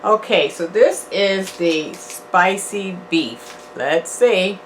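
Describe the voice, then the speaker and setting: A woman's voice: medium pitch, very slow, slight background noise. An older woman hosting a casual food review vlog, chatty and encouraging, sometimes preachy and repetitive. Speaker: channel host, food reviewer.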